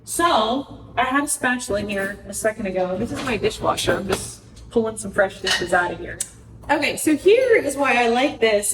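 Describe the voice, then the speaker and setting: A woman's voice: a little high, slight background noise. A woman hosting a casual cooking vlog with life advice, speaking in a chatty, earnest way and correcting herself as she goes. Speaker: wellness podcast host. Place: home kitchen. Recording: echoey kitchen, voice from far off.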